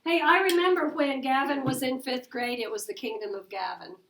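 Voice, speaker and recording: A middle-aged woman teaching a math lesson to her class, brisk and coaxing, asking questions as she goes. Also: sits high, creaky, fairly bright tone. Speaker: elementary school teacher.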